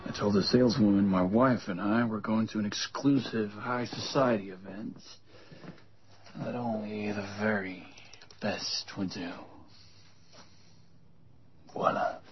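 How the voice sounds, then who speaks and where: A man's voice: fairly low pitch, steady tone, unhurried, pauses often, natural voice. An actor playing a smug, scheming male vampire with a cocky, teasing delivery. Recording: muffled TV audio with music and crowd.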